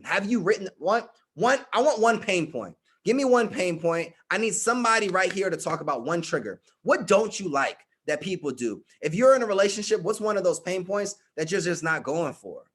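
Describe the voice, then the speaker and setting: A man's voice: high voice, a bit bright, slightly rough. A middle-aged man coaching a live group, emphatic and direct, calling on listeners by name and repeating his points. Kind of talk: motivational talk with audience.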